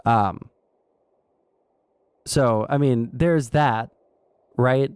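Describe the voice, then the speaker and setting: A man's voice: medium pitch, drawn-out words, darkish tone, clean tone, no room sound. A man streaming casual political commentary, rambling with fillers and wry asides.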